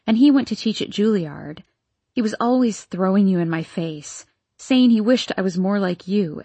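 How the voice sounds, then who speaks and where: A woman reading the lines of a bitter, scheming nurse in an audiobook, with a sharp, resentful manner. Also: mid-range voice, no room sound, close to an everyday voice.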